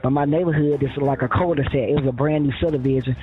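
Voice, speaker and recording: A man's voice: medium pitch, steady tone, fast talker. Man recounting on a tinny phone line. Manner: rambling, quotes others, many fillers and restarts. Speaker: interviewee. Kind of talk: telling his story in a phone interview.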